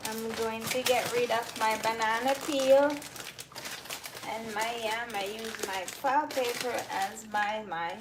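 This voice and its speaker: Slow-talking Jamaican woman, noisy. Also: on the high side, steady tone. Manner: chatty, answers viewers' comments by name. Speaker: cooking livestream host. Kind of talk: casual live-stream chat while cooking.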